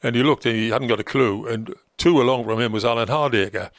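A man's voice: medium pitch, brisk, dry recording, studio quality. An older man with a Geordie accent, a former football manager telling long rambling stories as a guest, with many ums and restarts. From North East England. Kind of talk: relaxed anecdotal storytelling.

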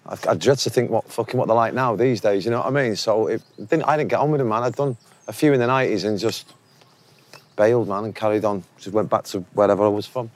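A lowish, fast-talking Manchester musician in his forties, from England, tells laddish, sweary anecdotes in a casual interview. He laughs often as he goes.

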